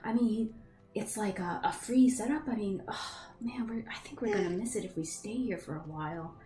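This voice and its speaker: A woman's voice: mid-range voice, moderate pace, echoey room, music in the background, pitched above the performer's own voice, close to an everyday voice. A woman voicing a young traveling woman, half-whispered and gushing. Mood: wistful. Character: young human woman traveler, wistful and excited.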